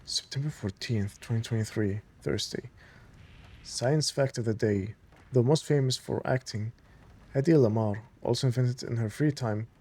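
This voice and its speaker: A man doing casual let's-play commentary, switching between reading in-game documents aloud and gushing fan asides. His voice sits at an ordinary mid pitch. He talks in a relaxed, conversational way. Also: moderate pace, slightly rough. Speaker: gamer playing through a story game.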